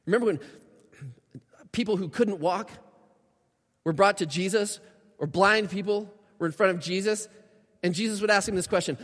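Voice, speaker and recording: A man's voice: high-pitched, moderate pace, pauses often, fairly bright tone. A man preaching a sermon as a pastor, emphatic and acting out prayers in a lifted voice. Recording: reverberant hall sound.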